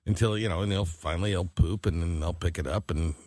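Guy on late radio, lowish voice, slow rambly storytelling, dry studio sound. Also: darkish tone, dry recording. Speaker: radio co-host. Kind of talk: casual chat.

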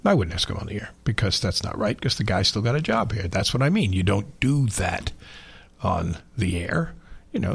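A man from Long Island, hosting a sports radio show and rambling through stories in a chatty, animated way. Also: fairly low pitch, moderate pace, creaky, slightly rough. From Long Island, New York. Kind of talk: casual sports radio chat.

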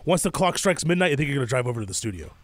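Man, fast talker, lively pitch, joking radio banter, dry sound. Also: dry recording. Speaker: radio sports news reader. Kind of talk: casual sports radio chat.

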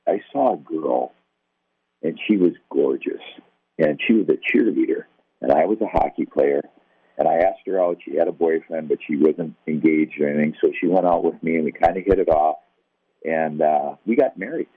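A deep, husky older man recounts his past in a relaxed, self-deprecating way, jumping into the voices of the people in his story. The sound is thin and phone-like, with no room around it. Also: moderate pace, no echo. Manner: conversational, self-deprecating, acts out quoted dialogue. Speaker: guest telling his testimony. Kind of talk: personal testimony storytelling. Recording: tinny, phone-like, dry.

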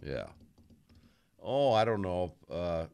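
A man's voice: low-pitched, big pitch swings, slow, creaky, a little mellow, clean tone, dry recording. A man hosting a radio show, chatting casually and telling rambling, folksy stories in a studio. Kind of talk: casual on-air chat.

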